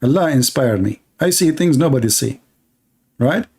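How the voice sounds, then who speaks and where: A man at a mid pitch runs a live-stream reaction. His commentary is sarcastic and mocking. He rambles in loose, broken English. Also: lively intonation, moderate pace, darkish tone, husky.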